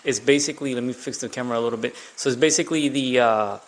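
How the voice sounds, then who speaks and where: A man's voice: mid-range voice, rapid-fire, slight background noise. A man from Colombia with a Colombian accent, hosting a reaction video in a chatty, long-winded storytelling manner. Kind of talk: casual commentary.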